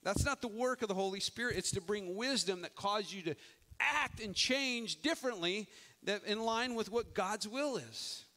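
A middle-aged male pastor preaching in a high, forceful voice. He speaks emphatically but conversationally and often starts his sentences over. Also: animated, normal speed. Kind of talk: sermon.

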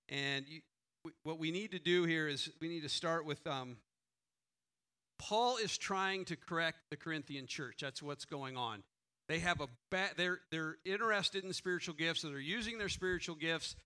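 Man preaching as pastor: high-pitched, bright, earnest delivery with repeated questions. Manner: earnest, rhetorical questions, frequent restarts; prays quietly and slowly. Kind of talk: sermon.

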